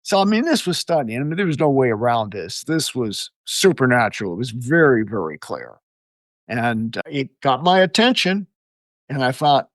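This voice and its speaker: A man's voice: mid-range voice, normal speed, no echo, studio quality. An older American man, an exorcist guest, telling stories in an interview with frequent chuckles. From United States. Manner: animated storyteller, chuckles often. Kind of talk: storytelling interview answers.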